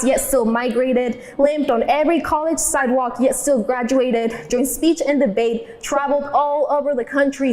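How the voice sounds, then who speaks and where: A woman's voice: high-pitched, darkish tone. A young woman performing spoken word poetry in a defiant, rhythmic delivery, mixing in Spanish lines. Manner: defiant, rhythmic, switches between English and Spanish.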